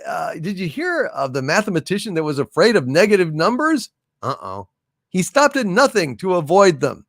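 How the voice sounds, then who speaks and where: A man's voice: sits high, pushed and bright, dry recording, clean studio sound. A man hosting a comedy livestream, casually reading out super chats and jokes, rambling with lots of fillers. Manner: rambling, with many fillers and chuckling asides.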